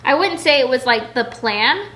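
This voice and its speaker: A woman's voice: high-pitched, lively intonation, normal speed, a bit bright. A pregnant woman chatting casually at home, answering viewer questions in a rambling way full of "like"s. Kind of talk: casual Q&A chat.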